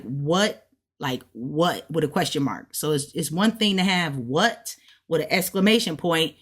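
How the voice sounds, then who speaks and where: A woman learning a language who casually walks through her study notes, chatty and relaxed, often checking in with "right?". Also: low-pitched. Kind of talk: casual step-by-step explanation.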